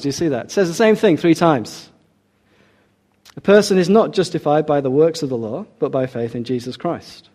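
Middle-aged man, preacher, sermon, emphatic, repeats key points, slightly high voice, mellow tone.

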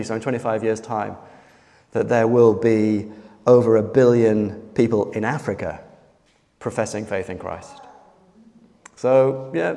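Man, slightly hoarse, earnest sermon, frequent pauses, long hall reverb. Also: medium pitch, a little mellow. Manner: earnest, pausing often with fillers. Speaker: preacher.

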